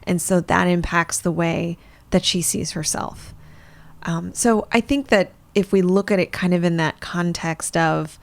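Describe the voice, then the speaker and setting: A woman's voice: on the low side, gravelly. A woman co-hosting a podcast, explaining psychology in a thoughtful way with some fillers. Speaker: psychologist co-host. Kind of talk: podcast discussion.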